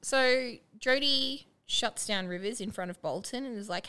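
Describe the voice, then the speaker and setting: A woman's voice: fairly high pitch, measured pace, sharp tone, clean tone. A woman co-hosting a podcast, chatting casually and animatedly as she recaps a TV show and quotes its characters. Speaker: podcast co-host.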